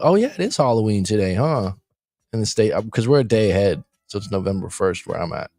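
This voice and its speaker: Speaking fast and expressively with vocal fry, a man with a fairly low, warm voice hosts a casual coaching livestream from a room overseas beside street windows. He rambles, jokes and reads the chat aloud, with no room sound and faint music in the background.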